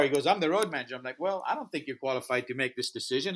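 A man who founded a music festival tells an interview story in animated fashion, acting out quoted dialogue in slightly non-native English. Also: mid-range voice, rapid-fire.

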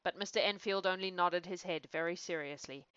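A woman's voice: fairly low pitch, a little fast, fairly bright tone, clean tone, no echo, muffled recording. A woman reading a classic novel aloud, chatty and self-amused in asides between passages. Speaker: reader. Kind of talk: storybook reading with casual asides.

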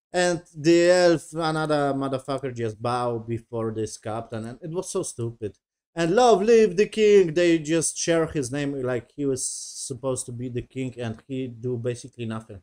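A man giving a casual, profane review rant in non-native English, sarcastic and dismissive, with constant swearing. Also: mid-range voice. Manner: sarcastic, swears constantly, mocks characters in whiny voices. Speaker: show reviewer.

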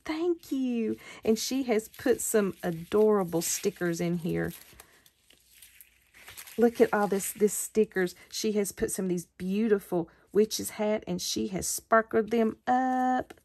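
A woman hosting her craft channel, chatting casually as she unboxes mail, gushing with thanks and delighted exclamations. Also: medium pitch.

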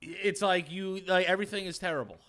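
A man's voice: high-pitched, fast, fairly bright tone. A young man, co-hosting a podcast and trading crude, teasing banter. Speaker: podcast co-host. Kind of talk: casual chat.

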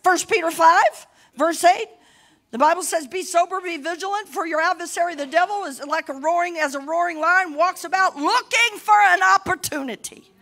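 A middle-aged woman pastor preaching a sermon boldly, rising to shouts between laughing asides. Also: extremely high pitch.

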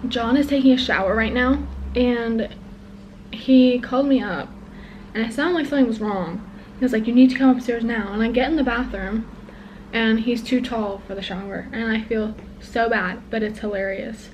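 A woman's voice: a little high, slight background noise, low-quality recording. A young woman vlogging in a chatty, casual way, full of fillers and giggles. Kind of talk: casual vlog chat. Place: outdoors on a windy seafront.

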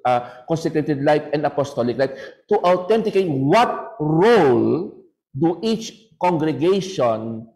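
A man on a panel, adding to an answer in a halting way, tagging phrases with "no?". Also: on the high side, expressive, darkish tone, poor audio. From Philippines. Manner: halting, restarts, filler "no?". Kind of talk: answering a question in a panel talk.

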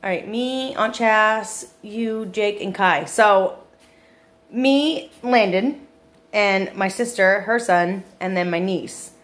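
A woman's voice: medium pitch, takes it slowly, fairly bright tone. A young woman chatting and giggling in her home kitchen while she bakes for a vlog. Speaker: vlogger. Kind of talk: casual chat while baking.

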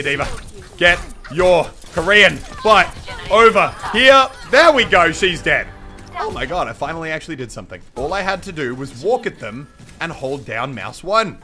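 A young man giving excitable, swearing live commentary over a video game, often shouting at the screen. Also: mid-range voice, quick pace, soft background music. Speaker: gaming channel host.

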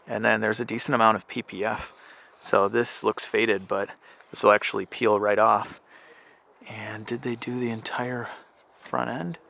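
Male vlogger, gravelly and bright, chatty inspection commentary outdoors. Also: fairly low pitch, flat delivery, moderate pace. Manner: chatty, thinks aloud while inspecting. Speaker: car flipper vlogger. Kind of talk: casual walkaround commentary.

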